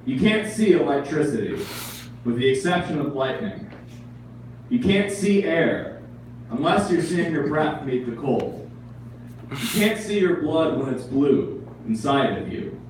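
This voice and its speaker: A man's voice: fairly high pitch, very animated, measured pace, darkish tone, slight background noise. A man reading his poems at a live event, wry, with joking asides. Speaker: poet. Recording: echoey room, mic far off.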